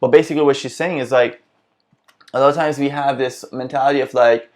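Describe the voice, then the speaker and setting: A man's voice: mid-range voice, steady tone, fairly quick. A man hosting a casual self-help vlog, talking earnestly and reflectively, often restarting his sentences as he thinks aloud. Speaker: vlog host.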